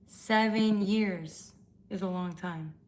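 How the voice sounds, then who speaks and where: Speaking slowly in a mid-range voice, this tarot live-streamer is blunt, profane, and confrontational, calling out her viewers by name. It's casual stream chat captured on a phone.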